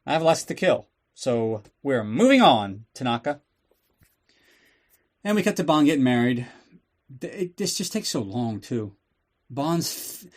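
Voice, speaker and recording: Podcast guy recapping a movie, sarcastic, swears a lot, average pitch. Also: darkish tone. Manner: sarcastic and profane, riffing on the plot. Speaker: podcast host. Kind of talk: casual comedic movie recap.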